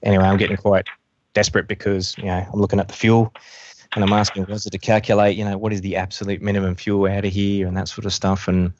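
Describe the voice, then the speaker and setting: Male pilot guest, deep monotone, muffled dry recording, hesitant storytelling. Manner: halting, many fillers and restarts. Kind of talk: recounting a rescue story. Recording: dull lo-fi dry sound.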